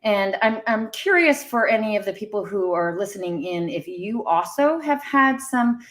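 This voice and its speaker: Anfitriona reflexiva que hace preguntas. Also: female voice, mid-range voice, animated, moderate pace, a bit bright. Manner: reflective, curious questioner. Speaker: host. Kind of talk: live interview.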